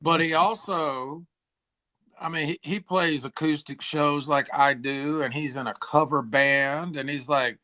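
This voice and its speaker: A man in his forties, a musician guest from Tennessee, chatting casually and rambling with a hoarse, throat-clearing voice. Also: on the high side, steady tone, a little slow, sharp tone. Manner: rambling, says "like" and "dude" a lot. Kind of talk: casual interview chat.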